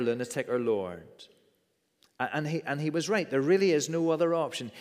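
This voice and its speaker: A man preaching a sermon in an earnest way, often repeating words as he stresses his points. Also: mid-range voice. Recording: long reverb of a church hall.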